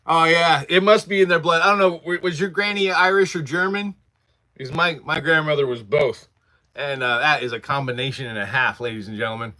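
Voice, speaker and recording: Bright-voiced man chatting on a livestream. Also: a little high, brisk. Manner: rambling storyteller, laughs often, reads chat aloud. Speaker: livestream host. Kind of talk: casual livestream chat. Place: workshop.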